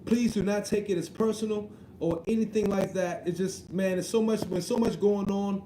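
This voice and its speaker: A man's voice: high voice, steady tone, moderate pace, reverberant, noisy background. A man, hosting a casual live stream, reading chat messages and joking around with a slangy, easygoing way of talking. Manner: joking, slangy, repeats "you know what I mean". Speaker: livestream host reading chat.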